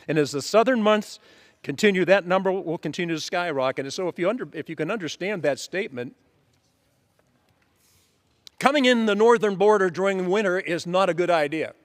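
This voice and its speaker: Man, lawmaker on the floor, high-pitched, emphatic list-maker, reverberant chamber sound. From Pennsylvania. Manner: emphatic, repetitive lists. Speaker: congressman. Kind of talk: floor speech. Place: legislative chamber. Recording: long reverb of a large chamber.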